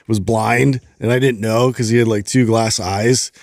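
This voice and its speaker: A man's voice: lowish voice, fairly even intonation, unhurried, no room sound, clean studio sound. A man, a podcast co-host, chatting and reacting casually. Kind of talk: casual chat.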